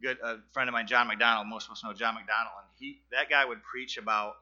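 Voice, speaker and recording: A middle-aged man nervously giving a personal testimony in front of his church congregation, halting and earnest, with many fillers and restarts. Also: medium pitch, fairly even intonation, bright, forceful tone, highs cut off. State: nervous, sweating.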